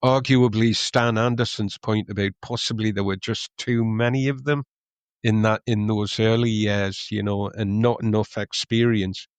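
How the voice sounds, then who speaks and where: A middle-aged man talks through old memories on a podcast. His voice is low, smooth and resonant, and he hesitates and restarts often. The recording is dry and close. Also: steady tone, normal speed, dry recording. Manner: rambling, many ums and restarts. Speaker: podcast co-host, club historian. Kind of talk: casual podcast chat.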